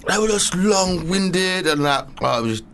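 A man's voice: sits high, expressive, unhurried, background noise. A young man, co-hosting a radio show in casual, joking banter, rambling and full of slang. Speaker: radio co-host.

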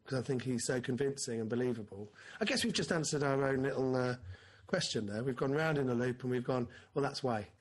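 A man's voice: mid-range voice, quick pace. A man co-hosting a podcast in casual film chat, rambling and interrupting himself, now and then swearing. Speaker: podcast co-host.

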